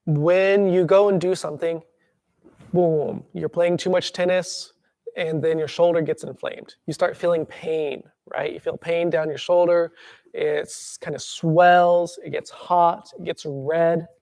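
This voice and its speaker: A man teaching a tuina workshop, calmly guiding breathing and then explaining with lively acted-out examples. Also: a little high, a little slow, vocal fry, dry recording, clean studio sound.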